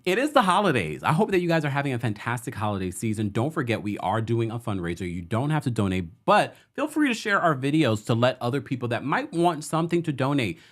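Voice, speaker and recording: A man hosting a casual online talk show. He is talkative and laughs easily, and his pitch rises and falls freely as he shares opinions. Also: fast talker, few pauses. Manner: chatty, lively, laughs often. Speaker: host. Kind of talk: casual chat.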